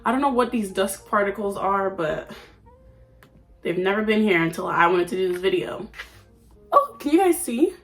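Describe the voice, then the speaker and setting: A woman's voice: mid-range voice, expressive, moderate pace, long pauses, faint music behind. A nineteen-year-old woman vlogging at home in a chatty, playful, oversharing way. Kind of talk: casual chat. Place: at home under a ring light.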